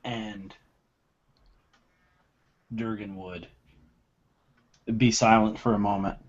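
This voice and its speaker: A man playing a tabletop game, narrating his character's actions dramatically and acting out his shouts. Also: fairly low pitch, level tone, slow, muffled recording. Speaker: player.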